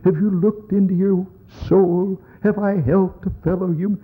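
A man's voice: high-pitched, steady tone, normal speed, breathy edge, voice pushed up. A man putting on the voice of an earnest late-night TV preacher, sermonizing solemnly. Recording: tinny lo-fi phone-like recording.

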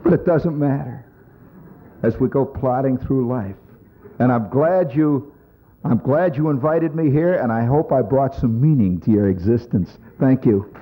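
Performing for an audience, a man tells a wry, conversational comic monologue that rambles along unhurriedly in a medium-pitched voice. The recording is tinny and lo-fi like a phone, with background noise.

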